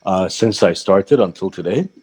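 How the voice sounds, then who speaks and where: A man's voice: sits low, lively intonation, normal speed, a little mellow, husky. A man from Bahrain, a voice-over artist, talking reflectively as a podcast guest with frequent fillers and restarts. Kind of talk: casual interview talk.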